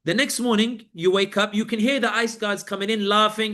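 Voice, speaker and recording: A man's voice: sits high, fairly quick, hardly any pauses, fairly bright tone. A British man, a journalist, giving a personal account at a talk and vividly acting out the voices of the people in it. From Britain. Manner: vivid storytelling, acting out the voices of guards and inmates.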